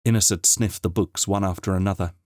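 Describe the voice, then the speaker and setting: A man narrating an unabridged audiobook in a steady, measured reading voice. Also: low voice, dry recording, clean studio sound. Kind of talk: scripted narration.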